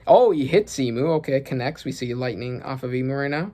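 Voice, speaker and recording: A man's voice: medium pitch, brisk, a little mellow. A man reading through a comic and reacting as he goes, thinking aloud and swearing when surprised. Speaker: manga reaction channel host. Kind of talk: casual reaction commentary.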